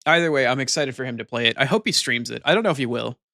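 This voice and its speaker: A man streaming and chatting casually with his viewers in an excitable way, swearing freely. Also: medium pitch, very fast, vocal fry, dry recording, clean studio sound.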